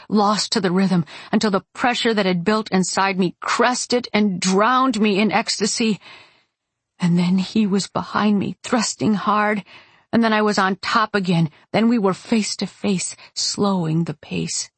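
A woman's voice: medium pitch, breathy edge, no echo. A woman narrating a first-person audiobook in a wry, matter-of-fact way on a close studio mic.

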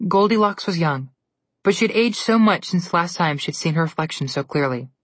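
A woman narrating a storybook tale in a steady, even manner. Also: on the low side, brisk, dry recording.

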